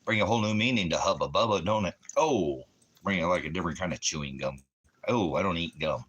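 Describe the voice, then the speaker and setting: Deep husky man rambling online. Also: animated, quick pace, a bit bright. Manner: rambling, joking, laughs at own jokes. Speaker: internet ministry host.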